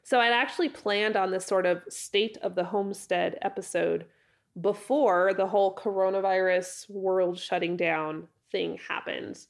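A woman with a hoarse, raspy, froggy voice from a head cold hosts a casual solo podcast. Her talk rambles with a gravelly fry and mid-range pitch, and she corrects herself often. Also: steady tone, a little slow. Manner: chatty, rambling, self-correcting with laughs. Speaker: podcast host.

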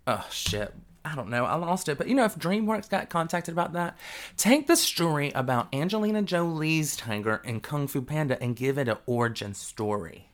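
A podcast host giving a loose, rambling solo monologue while high, often breaking into giggles. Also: expressive, normal speed.

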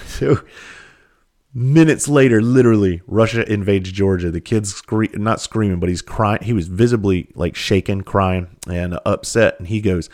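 A man's voice: fairly low pitch, normal speed, a little mellow. A man from South Carolina, a comedian and speaker telling a loose, profane story in casual conversational style.

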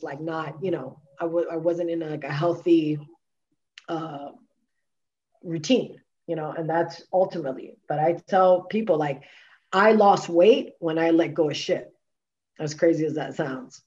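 A woman's voice: low voice, darkish tone, muffled recording. A woman guest, a wellness coach, telling her personal story candidly in conversation, emphatic and full of filler words and restarts.

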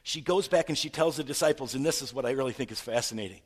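A man preaching a sermon, retelling a story with stammered repeats and rhetorical questions, swinging from loud to hushed. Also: mid-range voice, fast, slightly rough. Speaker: pastor.

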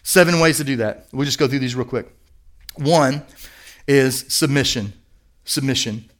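A man's voice: medium pitch, measured pace. A middle-aged man preaching a sermon as pastor, earnest and emphatic, repeating key words for weight.

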